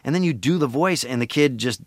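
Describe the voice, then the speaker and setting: A man's voice: medium pitch, animated, a little fast, no room sound, clean studio sound. A middle-aged man with a nasal voice and a Syracuse accent, chatting playfully as an interview guest and slipping into voices. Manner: playful, slips into voices and impressions. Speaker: voice actor guest.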